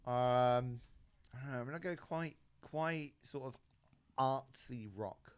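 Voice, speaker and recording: A man co-hosting a music podcast in easygoing casual chat, enthusiastic and quick to laugh along. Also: mid-range voice, smooth, dry recording, studio quality. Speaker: podcast co-host.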